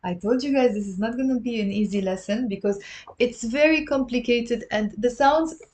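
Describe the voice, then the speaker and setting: A woman's voice: on the high side, moderate pace, background noise. A woman giving a live-streamed language lesson to a webcam, explaining step by step, drilling pronunciation and answering viewer questions. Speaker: online Arabic teacher.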